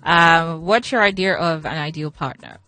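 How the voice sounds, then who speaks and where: A woman hosting a radio interview, firing off upbeat quick questions. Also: deep voice, bright, forceful tone, soft background music. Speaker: radio host. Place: radio studio.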